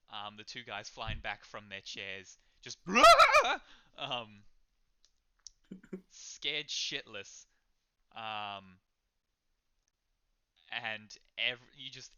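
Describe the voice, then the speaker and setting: A man runs a tabletop game, telling the scene in a loose, filler-laden way. His voice is very bright and crisp, close and dry on the mic, with a slightly dull, lo-fi sound overall. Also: lowish voice, no echo. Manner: casual, filler-heavy storytelling. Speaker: game master.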